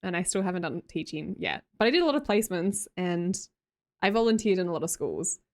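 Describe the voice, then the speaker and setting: A woman's voice: lowish voice, expressive, fairly quick, darkish tone. A young Australian woman live streamer chatting casually with her viewers, reading their messages aloud, laughing often and swearing freely.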